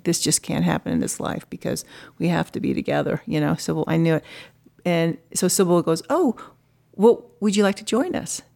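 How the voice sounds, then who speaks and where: A woman's voice: sits low, creaky, a little mellow. A middle-aged woman artist, a guest in an interview, telling a story in a chatty way full of "you know" fillers. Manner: chatty, lots of "you know" fillers, acts out quoted voices.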